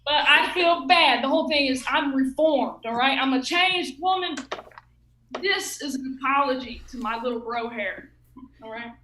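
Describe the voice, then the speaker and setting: A woman's voice: high voice, moderate pace, sharp tone, roomy sound, slight background noise, rough recording. A woman in her thirties from Ohio doing a rambling, self-mocking open mic stand-up set, laughing at her own jokes. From Ohio, USA. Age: 30s. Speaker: stand-up comic.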